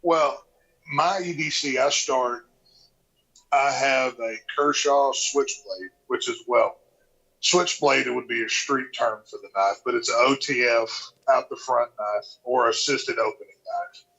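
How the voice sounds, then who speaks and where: A man's voice: mid-range voice, measured pace, pushed and bright. A man hosting a casual podcast, teasing his guest with crude jokes and easy banter. The audio is dull and lo-fi, with the top end rolled off. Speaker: podcast host.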